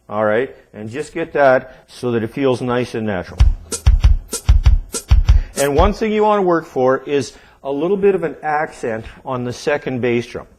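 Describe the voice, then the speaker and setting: Guy giving a drum lesson, counts out loud over his playing, laid back, says okay a lot, some music under it. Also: medium pitch. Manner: counts rhythms aloud while playing; relaxed, checks in often with okay and all right. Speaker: drum teacher. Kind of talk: instructional demonstration.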